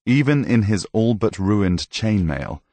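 A man reading a novel aloud with measured, even storytelling, close to the mic. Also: on the low side, no room sound. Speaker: audiobook narrator. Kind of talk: scripted narration.

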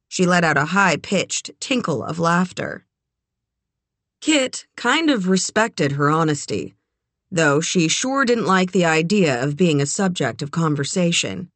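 A woman narrating a novel in a measured, expressive way. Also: sits low, dry recording. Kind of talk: audiobook narration.

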